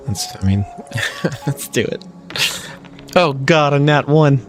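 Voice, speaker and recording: A man's voice: mid-range voice, animated, takes it slowly. A man hosting a game channel, reading game text aloud as he plays, often laughing and making wry asides. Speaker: gaming channel host. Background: faint game music.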